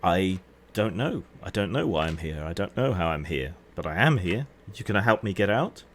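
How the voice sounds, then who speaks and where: A man voicing a lost, bewildered young female barmaid in a tabletop game, speaking plainly in a low voice. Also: lively intonation, moderate pace, a little hiss or hum.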